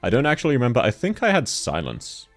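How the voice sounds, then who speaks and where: A man with a deep timbre chatting casually and jokily while streaming a game, laughing often. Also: wildly swooping pitch, fast, faint music behind. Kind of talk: casual gaming stream chat.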